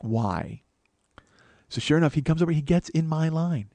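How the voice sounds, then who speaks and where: A man's voice: a little high, fairly even intonation, fast talker, mellow, no echo. A man, a comedian and podcast host, telling a profane, exasperated comic story.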